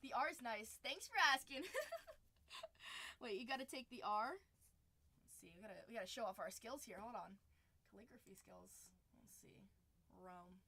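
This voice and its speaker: Young woman, high bright voice, chatty live-stream host who laughs a lot and reads chat aloud. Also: animated, unhurried, long pauses, husky. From San Diego area. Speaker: card break host.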